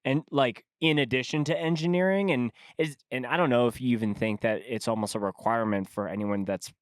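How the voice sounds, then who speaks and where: A man's voice: medium pitch, brisk, no room sound. A man hosting a podcast, asking long, winding interview questions. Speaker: podcast host.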